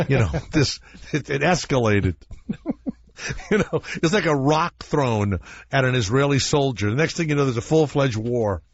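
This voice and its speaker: A male radio talk show host telling comic stories in an animated, rambling, self-mocking way from a studio. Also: medium pitch, dry recording, lo-fi sound. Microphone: studio microphone.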